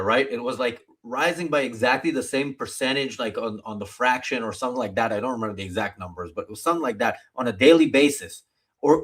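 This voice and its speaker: A male host holding forth on current affairs in a casual commentary chat. He talks with strong opinions, often pausing on "uh" before pressing on. His voice sits at an everyday middle pitch. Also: fairly bright tone. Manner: opinionated, halting with many fillers.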